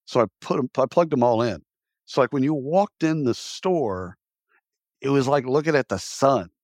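Speaking at normal speed in a medium-pitched voice, this fifties-aged podcast guest spins stories in a relaxed interview, blunt and salty, vividly performing other people's lines. The recording is dry and studio quality.

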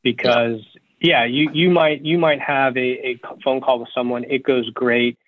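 A man who owns a law firm, talking as a guest in an interview in an energetic, practical way and repeating words while he thinks. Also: medium pitch, moderate pace. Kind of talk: interview conversation. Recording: tinny phone-like line, dry.

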